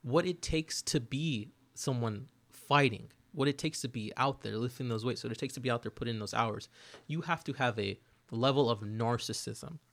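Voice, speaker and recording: A man talking in a casual podcast chat, emphatic and animated, who keeps checking in with "right?". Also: medium pitch, normal speed, creaky. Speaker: podcast host.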